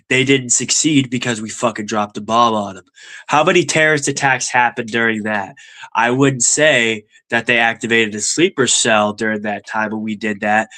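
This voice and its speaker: A young stream host with a nasal voice rants angrily about politics, swearing constantly. His pitch is fairly low, and his tone is bright and forceful.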